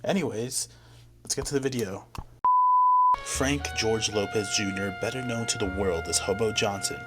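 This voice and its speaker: A man's voice: on the low side, normal speed. A young man giving blunt, self-mocking commentary as a music reviewer in a casual vlog.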